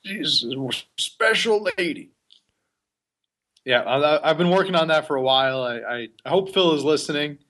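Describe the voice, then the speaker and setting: A man co-hosting a casual podcast, trading jokey, deadpan banter. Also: fairly high pitch, fast, hardly any pauses. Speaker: podcast co-host.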